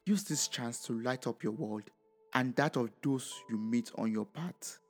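A man voicing a kind, soft-spoken old man at a hospital bedside. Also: medium pitch, a little slow, faint music behind, close to an everyday voice. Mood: gentle.

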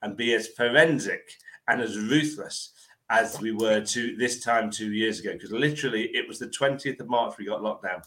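A man's voice: fairly low pitch, normal speed, sharp tone, slight background noise, low-quality recording. A man co-hosting a casual property-industry chat, teasing his co-host and offering opinions.

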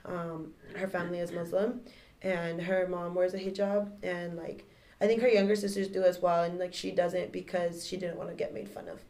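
A young woman in a class discussion, talking quickly with many fillers. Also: on the low side, little pitch movement, mellow. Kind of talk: casual discussion.

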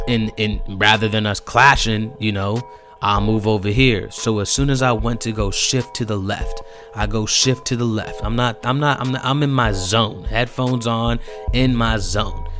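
A young man telling a story casually, animated and profane, repeating himself and growing heated. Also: on the low side, measured pace, soft background music.

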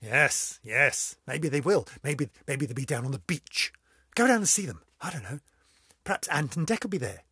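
An older woman hosts a casual vlog in a low, expressive voice that's a bit bright and slightly rough, delivered at normal speed. The studio sound is clean with no echo. She tells corny jokes, giggling at them herself and poking fun at herself.

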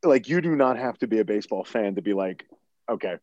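Lively low-voiced man retelling a movie. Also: fast talker, no echo, muffled recording. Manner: animated retelling, acts out quotes, laughs often. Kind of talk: casual movie recap chat.

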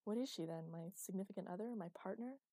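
A woman voicing a wry, gently teasing young man in an audiobook, with a mellow voice. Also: mid-range voice, fast talker, dry recording, close to an everyday voice. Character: dry, teasing young man, patient partner.

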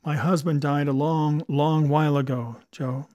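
A man reading an audiobook voices an elderly aunt, raised high and softened, a grand lady turned wistful. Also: steady tone, measured pace, no echo, clean studio sound, natural voice. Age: older. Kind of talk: audiobook character voice.

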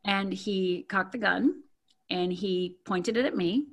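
A middle-aged woman from Michigan's Upper Peninsula speaks slowly in a medium-pitched, fairly bright voice. As an interview guest, she shares her personal story candidly, using lots of fillers and repeated words.

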